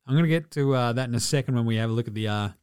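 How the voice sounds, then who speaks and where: A man's voice: mid-range voice, rapid-fire, darkish tone, smooth, no room sound, studio quality. A man with an Australian accent hosting a casual sports podcast, rambling, joking and swearing freely. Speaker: podcast host.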